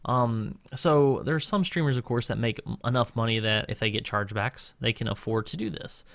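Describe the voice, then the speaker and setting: A man's voice: mid-range voice, normal speed, gravelly, a bit bright, no room sound. Rambling young man giving streaming advice. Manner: rambling, full of fillers and restarts, earnest. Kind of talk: casual talking-head advice.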